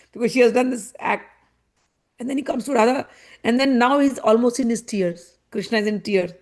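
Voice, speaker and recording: A woman telling a devotional story in an animated, conversational way with frequent asides. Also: on the high side, moderate pace, long pauses. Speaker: spiritual storyteller.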